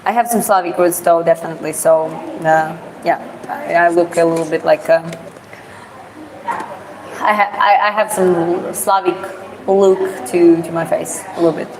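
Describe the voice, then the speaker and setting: Her voice is fairly low, steady in tone and measured in pace, with background noise behind it. She's a woman from Georgia vlogging live on foot through the city, answering viewer questions in casual, wandering, filler-heavy English marked by a Georgian accent, as a non-native speaker.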